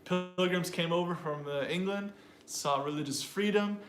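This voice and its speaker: A man's voice: high-pitched, normal speed, a bit bright, faint music behind. A man teaching English pronunciation in casual chat, talking straight to learners and thinking aloud as he goes. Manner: thinks aloud with fillers and restarts, addresses learners directly. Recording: echoey room with faint background noise.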